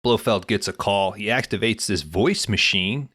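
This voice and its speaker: Low-voiced man recapping a movie, dry sound. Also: normal speed, hardly any pauses, bright, forceful tone, husky, no echo. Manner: recapping scenes, swearing freely. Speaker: podcast co-host. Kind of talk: casual movie chat.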